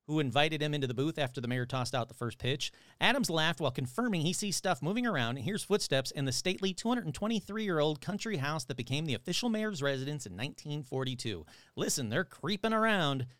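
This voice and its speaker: A man's voice: fairly high pitch, fairly bright tone, clear, resonant tone, no echo, clean studio sound. A male podcast host reading odd news aloud with sarcastic, irreverent asides. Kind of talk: casual podcast commentary.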